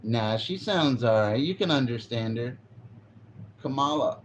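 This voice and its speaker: A man talks in a loose, rambling way as a live streamer, reacting to chat and swearing freely. His voice sits at an ordinary middle pitch. The audio is dull and lo-fi, with a faint hiss underneath. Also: animated, normal speed. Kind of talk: casual chat.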